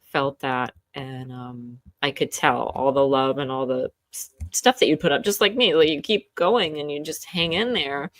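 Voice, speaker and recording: A woman's voice: low-pitched, normal speed, no room sound. A woman co-hosting a casual chat over a video call, effusive and rambling, often restarting her sentences.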